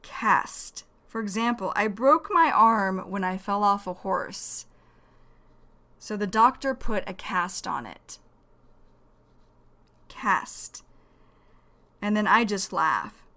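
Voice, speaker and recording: Woman, English teacher, bright clear tone, careful explanations. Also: medium pitch, expressive. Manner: slow, careful, repeats key phrases. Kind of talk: slow explanatory vocabulary lesson.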